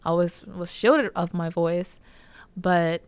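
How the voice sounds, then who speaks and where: A woman's voice: fairly low pitch, fairly even intonation, slow, smooth, no echo. A young woman from California telling a personal story in a casual, candid way, with many fillers. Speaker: podcast host.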